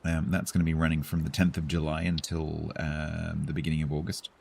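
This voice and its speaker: A very low-voiced English man with a slightly husky tone, speaking with a Received Pronunciation accent tinged with London. He chats casually with his stream viewers, hesitating and restarting as he thinks aloud. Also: monotone, a little fast, darkish tone. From England. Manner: chatty, hesitant, with many fillers and restarts.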